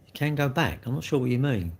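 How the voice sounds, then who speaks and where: English guy rambling to his live chat, blunt and slangy, middle pitch. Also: animated, quick pace, creaky, darkish tone, a little hiss or hum. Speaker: live streamer. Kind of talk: casual live-stream chat answering viewers.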